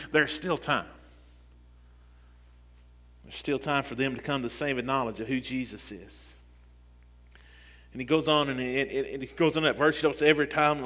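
A man's voice: a little high, fairly bright tone. A man preaching a sermon. He builds in intensity and keeps repeating "listen" as he restarts his phrases. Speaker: pastor. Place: church sanctuary. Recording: long hall reverb.

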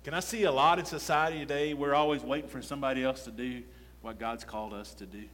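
A man's voice: medium pitch, fairly even intonation, fast talker, fairly bright tone, a little hiss or hum. A male pastor preaching a sermon in a conversational style, often repeating "listen" and asking the congregation rhetorical questions. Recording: long reverb of a large hall.

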